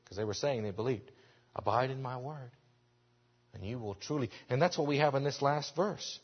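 A man preaching a sermon as pastor, earnest, rising to loud emphasis and dropping back to quiet, with frequent restarts. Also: medium pitch, normal speed, husky. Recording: dull sound in a reverberant hall.

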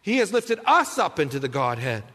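High, bright-voiced male preacher in a hall. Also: big pitch swings, normal speed. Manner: storytelling, swings between loud and hushed. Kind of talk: sermon. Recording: long reverb of a hall.

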